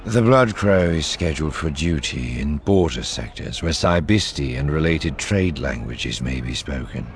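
Thrawn, a man doing a deep formal alien. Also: expressive, a little hiss or hum. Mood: measured. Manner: measured, formal, unhurried. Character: calm formal male alien naval officer. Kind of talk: audiobook character voice.

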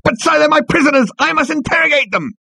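A man voicing a shrill, furious and officious male alien officer who squeals and shouts. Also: animated, fast talker, gravelly, no room sound, full character voice. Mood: furious shouting.

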